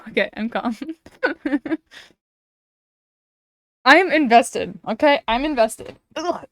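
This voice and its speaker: Excitable high-voiced woman streamer. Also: slow pace, dry recording. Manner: excitable, swears, rants then laughs. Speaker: game streamer. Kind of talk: let's play commentary.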